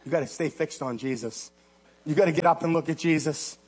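A man preaching a sermon, swinging between loud exhortation and low hushed asides. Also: a little fast, breathy edge. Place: church platform.

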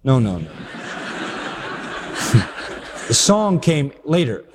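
A man preaching a sermon, emphatic and animated, with dramatic pauses for effect. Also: medium pitch, a little hiss or hum. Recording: long hall reverb.

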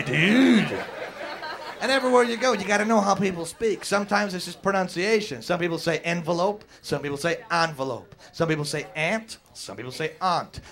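A man doing stand-up with a slightly high voice. He banters with the audience and keeps throwing questions at them. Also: fairly bright tone. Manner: chatty, quizzes the audience, acts out voices. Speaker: stand-up comedian. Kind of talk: stand-up set.

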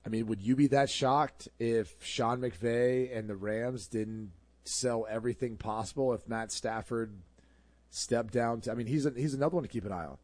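A man's voice: medium pitch, moderate pace, darkish tone, no echo. A man co-hosting a casual sports talk show, giving confident, analytical takes.

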